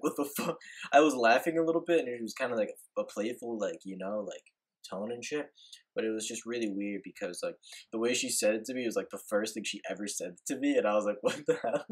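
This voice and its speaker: A young man rambles through a casual vlog story, laid-back and heavy on filler words and swearing. His voice sits a little low and comes out husky, and he talks quickly. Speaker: vlogger.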